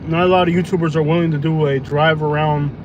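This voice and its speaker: A man's voice: fairly high pitch, fairly even intonation, fast talker, dull audio. A man, chatting loosely and joking while driving for food delivery on a live stream. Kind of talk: casual livestream chat while driving. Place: inside a car on the road. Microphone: phone on live stream. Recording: noisy car cabin.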